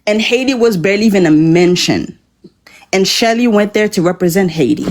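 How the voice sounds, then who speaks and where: A woman on a podcast panel, talking earnestly and haltingly, with many fillers and restarts. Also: mid-range voice, animated. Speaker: panel guest. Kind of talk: casual panel discussion.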